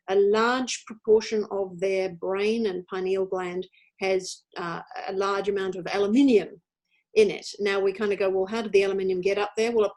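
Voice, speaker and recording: Husky-voiced woman explaining earnestly. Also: medium pitch, darkish tone. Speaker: podcast co-host. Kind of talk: casual spiritual chat.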